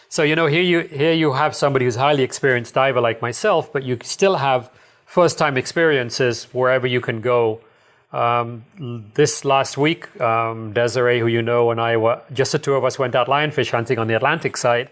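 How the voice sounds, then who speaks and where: A man's voice: mid-range voice, steady tone, brisk, fairly bright tone. A middle-aged man who owns a dive shop, telling rambling, enthusiastic stories as a podcast guest, full of fillers and chuckles. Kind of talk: casual storytelling interview.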